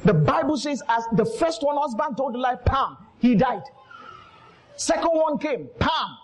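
A man's voice: extremely high pitch, expressive, a little slow, rough recording. A man preaching a sermon as pastor, emphatic, telling stories and calling out to the congregation. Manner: storytelling with quoted voices.

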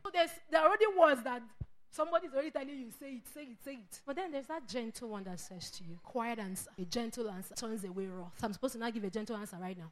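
Woman preacher, middle-aged, pitched a bit high, animated delivery. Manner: animated, acts out quoted voices, laughs often. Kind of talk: sermon.

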